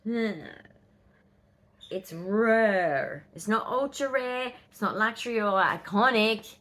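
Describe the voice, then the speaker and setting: A woman in her fifties with an Australian accent, chatting casually in a vlog and telling stories with quick, excitable asides. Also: mid-range voice. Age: 50s. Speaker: vlogger. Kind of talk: casual chat.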